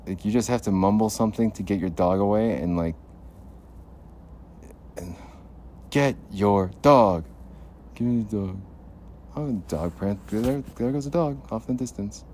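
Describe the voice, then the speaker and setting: A man's voice: lowish voice, moderate pace, dark tone, a little hiss or hum. A man recording a rambling podcast monologue on his phone in an outdoor parking lot at night, muttering and talking to himself in a paranoid way. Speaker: podcast host.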